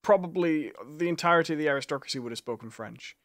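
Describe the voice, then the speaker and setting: A man's voice: fairly high pitch, quick pace, a bit bright, no echo. Dry-sounding man explaining history. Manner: explains and corrects with historical facts. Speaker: podcast co-host. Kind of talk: casual live chat.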